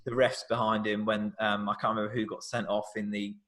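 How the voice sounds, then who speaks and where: A man's voice: on the low side, a little fast. A man who directs and produces films, telling behind-the-scenes stories animatedly in a live Q&A, acting out quotes and often restarting sentences. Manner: animated storyteller, acts out quotes, frequent restarts. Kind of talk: live Q&A conversation.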